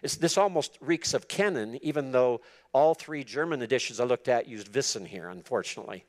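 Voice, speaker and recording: A man's voice: mid-range voice, expressive, a little fast. A man giving an expository sermon to church leaders, earnest and emphatic, repeating words for stress. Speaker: preacher teaching church leaders.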